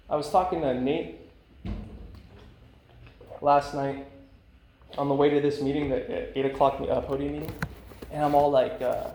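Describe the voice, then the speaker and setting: Man, rambling candid recovery talk, middle pitch, faint ambience behind. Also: creaky, a little mellow, slight background noise. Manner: candid, rambling, with frequent fillers and laughs. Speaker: speaker at a recovery meeting. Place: meeting room. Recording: echoey room, faint ambience.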